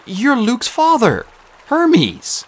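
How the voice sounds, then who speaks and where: A man's voice: sits high, huge pitch swings, measured pace, breathy edge, pitched above the performer's own voice, heavily acted. A man reading a hesitant teenage boy. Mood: earnest. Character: earnest teenage boy, unlucky.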